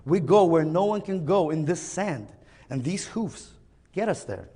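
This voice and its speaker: A man's voice: a little high, lively intonation, a little slow, dark tone. A man voicing an exasperated, swearing father camel in a joke told on stage in an echoey hall.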